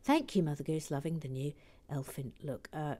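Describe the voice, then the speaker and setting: A livestream host with a low voice builds while casually chatting and reading viewers' messages aloud at a moderate pace. Soft and self-deprecating in tone, she drifts into whispered asides and fills her speech with "uh"s and restarts.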